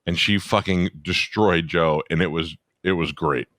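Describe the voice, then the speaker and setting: Deep-voiced blunt comedy podcast man. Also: a little slow, a bit bright, no room sound, studio quality. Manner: blunt, crude teasing. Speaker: podcast co-host. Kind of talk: casual comedy podcast banter.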